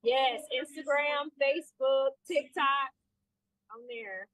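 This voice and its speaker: A woman with a high-pitched, fairly bright voice speaks slowly as a guest in a casual interview, where she's a trainer and sailor. She's upbeat and talks freely, packing in fillers like "you know," though the audio is poor.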